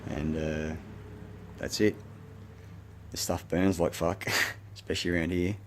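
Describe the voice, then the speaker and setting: Against a noisy background, a self-recorded Australian man vents to the camera in a low, level, unhurried voice. The monologue is rambling and agitated, laced with swearing.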